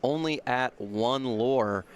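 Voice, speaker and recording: A man co-commentating a card game tournament. His voice sits at a middle pitch, and he walks through each board state in a calm, analytical way. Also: slow, clean tone. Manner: steady, analytical, agreeable.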